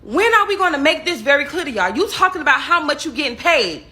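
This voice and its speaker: A woman rants in an exasperated, scolding manner, dropping sarcastic questions. Her voice is high and sharp-edged. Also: very animated, fast talker. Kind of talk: opinion rant to camera.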